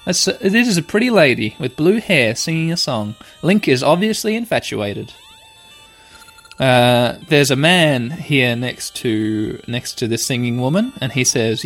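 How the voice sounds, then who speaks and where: Excitable man narrating a video game. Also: mid-range voice, unhurried. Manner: playful, excitable, reads game text aloud. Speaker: game player. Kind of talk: let's play commentary. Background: faint game music.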